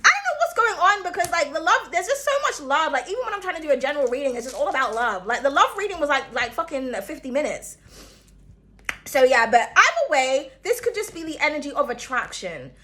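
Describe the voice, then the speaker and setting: A woman's voice: high-pitched, big pitch swings, a little fast, pushed and bright. A woman giving a casual tarot reading, chatty and rambling, swearing freely and humming as she thinks. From outside the United States. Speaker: tarot reader.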